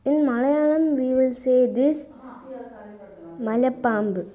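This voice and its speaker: A woman's voice: on the high side, animated, slow pace, dark tone, low-quality recording. A woman giving a step-by-step drawing tutorial in simple, repeated instructions.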